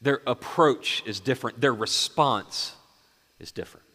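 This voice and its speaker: A male pastor preaching a sermon, moving between hushed, quiet lines and raised, emphatic passages. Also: medium pitch, measured pace, big-room sound.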